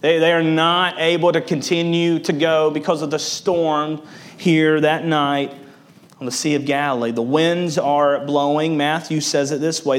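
A man preaching a sermon, verse by verse. He presses up in emphasis and then drops low for weight, and he repeats words as he explains. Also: fairly even intonation, measured pace. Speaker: pastor.

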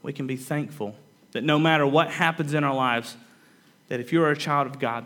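A man's voice: fairly high pitch, moderate pace, a bit bright. Earnest male pastor preaching. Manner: earnest preaching, repeats words, rises to emphatic peaks. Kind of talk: sermon.

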